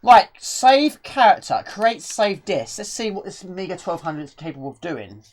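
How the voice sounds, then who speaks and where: A woman's voice: mid-range voice, sing-song, normal speed, a little mellow. Breathless chatty woman streamer. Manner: chatty, rambling, reads chat questions aloud. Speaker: live streamer. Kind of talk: casual gameplay commentary.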